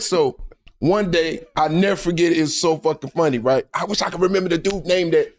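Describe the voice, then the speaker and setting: A man who is a guest comedian, telling stories in a lively, laughing way and acting out the people in them. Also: a little high, brisk. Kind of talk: animated storytelling.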